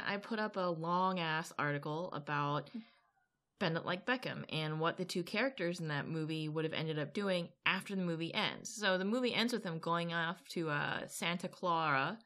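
Bright-voiced laughing woman podcaster. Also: fairly low pitch, normal speed. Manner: laughing, storytelling, profane. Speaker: podcast co-host. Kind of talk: casual chat.

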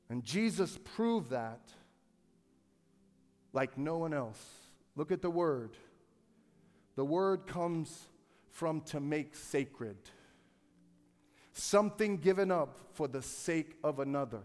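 A man preaching from the pulpit in a large church, his voice pitched high for a man. He drops to a hushed storytelling tone and then climbs to loud, ringing peaks, calling out for the crowd to answer. A long reverb trails behind every phrase. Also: animated, takes it slowly, long pauses. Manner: preaching with call-and-response to the congregation; builds from low, quiet storytelling to loud, shouted peaks. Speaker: pastor. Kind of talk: sermon. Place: church sanctuary.

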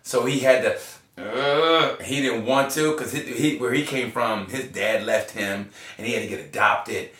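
A man in his forties, originally from Oklahoma, telling candid personal stories as a guest, animated, swearing freely and laughing often. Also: medium pitch, measured pace. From Oklahoma, USA. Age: 40s. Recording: roomy echo, mic at a distance.

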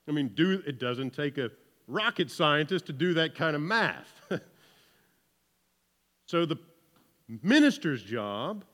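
Southern pastor preaching in a reverberant hall. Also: male voice, fairly high pitch, fairly bright tone. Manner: conversational, keeps asking "right?", jokes with the congregation. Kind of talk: sermon. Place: church hall with about seventy people.

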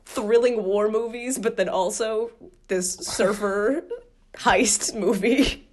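A woman co-hosting a casual movie podcast. She talks in a chatty, animated way and laughs often as she gives her opinions. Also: mid-range voice, slow pace. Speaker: podcast co-host.

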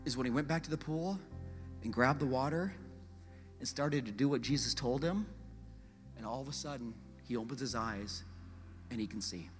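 A man preaching a sermon as a pastor, telling the story in a lively, conversational way, swinging from loud urgency to hushed emphasis and putting rhetorical questions to the congregation. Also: medium pitch, normal speed, pauses often, in a large hall, faint music behind.

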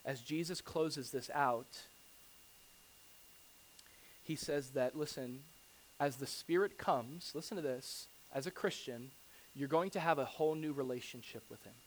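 A man preaching a sermon as a pastor, quoting scripture, asking rhetorical questions and building from quiet to loud and urgent. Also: medium pitch, a little slow, long pauses, a little hiss or hum. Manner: emphatic preaching, quotes scripture.

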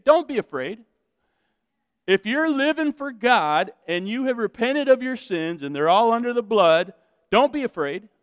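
A male pastor preaching a sermon with lots of energy, moving between loud shouted calls and quiet asides to the congregation. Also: high-pitched, clean tone, no echo, long reverb tail. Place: church sanctuary with congregation.

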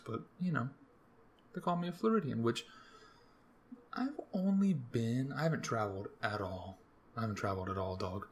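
Young male podcast host, lowish voice, loose profane rambling rants, faint background hiss. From US East Coast. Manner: rambling, profane, jokey rants with sudden jumps in pitch. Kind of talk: casual solo rambling monologue.

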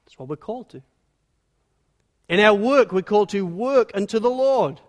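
A man preaching a sermon as pastor, emphatic and animated, telling the story with energy. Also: high voice, moderate pace. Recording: long reverb of a large hall.

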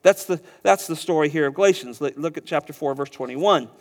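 A man preaching a sermon, animated and chuckling now and then as he repeats words and teaches through a passage. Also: fairly high pitch, brisk. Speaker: pastor.

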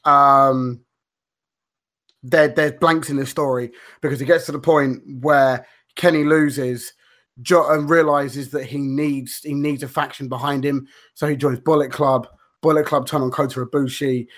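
A man's voice: medium pitch, steady tone, a little slow, fairly bright tone. Rambling man, casual podcast chat. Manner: rambling, swears freely, many fillers and restarts. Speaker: podcast co-host.

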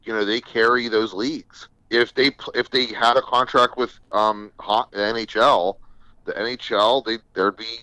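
A man's voice: mid-range voice, steady tone, normal speed, pushed and bright, clear, resonant tone, no echo, low-quality recording. A male podcast co-host chatting casually, loose and agreeable with many fillers and restarts. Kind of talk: casual chat.

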